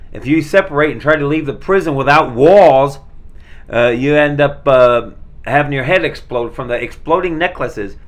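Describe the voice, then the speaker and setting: A man talks in a loose, rambling way, stumbling over words and filling gaps with "uh". His voice sits at an ordinary middle pitch and stays easygoing throughout. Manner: rambling, many fillers and restarts, laid-back. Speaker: vlogger showing his movie collection. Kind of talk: casual rambling chat.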